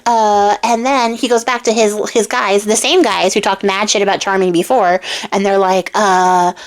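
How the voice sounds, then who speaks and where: A woman's voice: medium pitch, fairly even intonation, moderate pace. A woman retelling a fairy tale in a casual, irreverent way, full of slang and fillers. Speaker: storyteller YouTuber.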